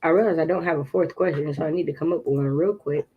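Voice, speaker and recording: A woman hosting a casual writing livestream, chatty and encouraging as she reads viewers' comments and clears her throat now and then. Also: deep voice, fast, narrow, tinny audio. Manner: occasional throat clearing and coughs. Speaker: livestream host.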